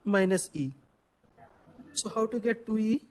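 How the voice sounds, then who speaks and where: A man lecturing to a class in a fairly high voice. He keeps quizzing his students, echoing their answers back and tagging "right?" onto his points. His talk is loose and full of "so". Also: unhurried.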